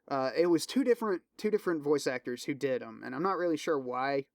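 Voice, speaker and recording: Solo podcaster, male, fairly high voice, dry close sound, loose and profane, eager recommender. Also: lively intonation, fast talker, gravelly, no echo. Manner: loose, profane, filler-heavy rambling with restarts; enthusiastic recommending. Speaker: podcast host. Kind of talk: casual solo podcast chat.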